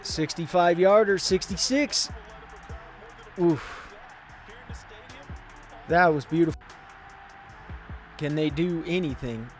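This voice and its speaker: A man's voice: a little high, takes it slowly, long pauses, faint music behind. Hyped young man calling game plays. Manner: hyped, shouting at big plays, rambling. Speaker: gaming channel host. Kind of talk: excited video game commentary.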